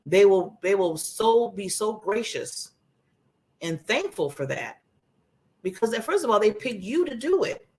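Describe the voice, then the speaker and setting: A woman's voice: medium pitch, sing-song, measured pace, darkish tone. A woman giving earnest, emphatic motivational advice on a talk show in a broadcast studio, often repeating phrases for emphasis. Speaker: guest speaker giving advice.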